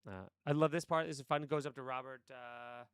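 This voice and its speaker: A man's voice: mid-range voice, fairly even intonation, fairly quick, a bit bright, smooth, no room sound, studio quality. Rambling, swearing male streamer. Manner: rambling, stream-of-consciousness talk, swearing freely. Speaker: streamer and actor. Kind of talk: casual live-stream chat. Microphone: desk mic with headphones.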